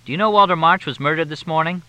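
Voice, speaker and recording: A man voicing a glib, wisecracking male journalist who trades flip, deadpan remarks. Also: a little high, fast, clear, resonant tone, no echo, pitched above the performer's own voice, poor audio.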